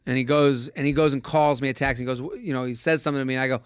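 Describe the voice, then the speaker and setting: A man's voice: medium pitch, fairly even intonation, very fast, clean tone, dry recording, studio quality. A young adult man hosting a casual comedy podcast, telling stories and acting out the voices of people he quotes. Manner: storytelling, acts out voices in quotes. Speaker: podcast host.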